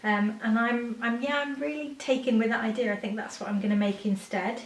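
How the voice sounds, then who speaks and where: A woman's voice: fairly high pitch, fairly even intonation, fairly quick, far from the mic, a little hiss or hum. A woman, chatting casually to camera as a sewing vlogger, rambling with fillers and self-corrections and gushing when she shows things off. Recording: echoey room, a bit off-mic.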